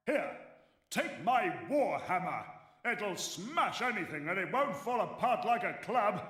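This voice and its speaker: A booming old British warrior. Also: male voice, big pitch swings, a little slow, fairly bright tone, heavily acted. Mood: hearty. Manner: blustery, booming, chummy. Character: hearty old male warrior hero, gruff and jovial. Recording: roomy game audio from a distance.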